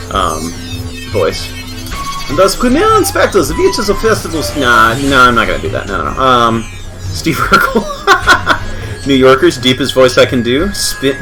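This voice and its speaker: Male streamer, game commentary, very lively pitch, jokey and self-deprecating.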